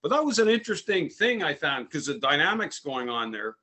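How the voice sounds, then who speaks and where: The French Canadian podcast host's voice runs on the high side, with big pitch swings, a sharp, slightly rough tone and a somewhat quick pace. He's from Canada and rambles casually through a story full of "eh" and "man."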